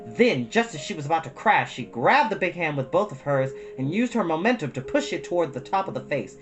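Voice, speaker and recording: A woman reading a children's book aloud as a storyteller, expressive and sometimes addressing young listeners, with guitar music behind. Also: low-pitched, fairly quick.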